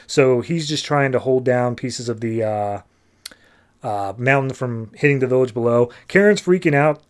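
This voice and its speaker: Brief: male podcast host, middle pitch, rambling casual recap with quick voices. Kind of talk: casual comic book recap.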